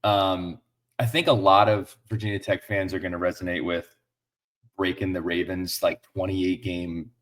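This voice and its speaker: A man's voice: low voice, steady tone, normal speed, fairly bright tone. A man hosting a casual sports podcast, asking a guest questions in a chummy way and backing him with short "mm-hmm"s. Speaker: podcast host. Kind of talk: casual interview chat.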